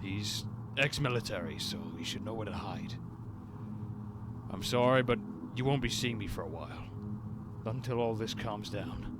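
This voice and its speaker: A man voicing a weary, hunted male robot rebel leader in a fan audio drama, speaking with passion that sinks into quiet defeat. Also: lowish voice, moderate pace, pauses often, very noisy, lightly acted. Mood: subdued. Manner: impassioned, then quietly defeated.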